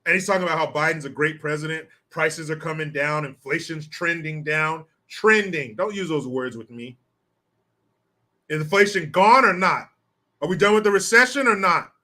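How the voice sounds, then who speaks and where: A man from the United States rants through political commentary in a high, bright, forceful voice. He is combative and sarcastic, swears freely, and fires off questions to his viewers. He reads their comments aloud between outbursts.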